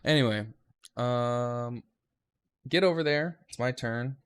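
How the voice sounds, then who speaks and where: A man's voice: medium pitch, slow pace, clear, resonant tone, no room sound. A young man, a railroad conductor trainee, giving a rambling, casual vlog recap of his training week and swearing freely.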